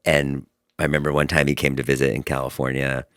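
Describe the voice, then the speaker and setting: A man hosting a podcast, telling stories in a casual chat, animated and swearing freely. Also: very deep voice, quick pace, no room sound, clean studio sound. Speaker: podcast host.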